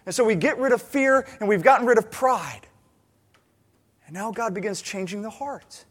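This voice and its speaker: A pastor with a high-pitched voice preaches a sermon at a moderate pace. He tells stories with animation, acting out the lines of the people in them.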